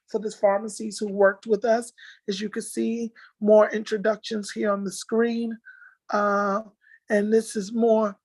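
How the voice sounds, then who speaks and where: A woman presenting event slides in a casual, halting way, full of fillers and restarts, and moved to tears at times. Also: mid-range voice, darkish tone, dry recording, rough recording. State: tearful at times. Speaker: nursing association organizer presenting slides. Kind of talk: casual spoken slideshow recap.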